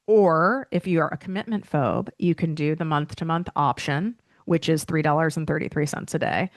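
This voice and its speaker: A business coach hosts her own casual solo podcast, chatty and emotional, full of fillers and close to tears as she talks. She has a low voice at normal speed, recorded with studio quality and no room sound.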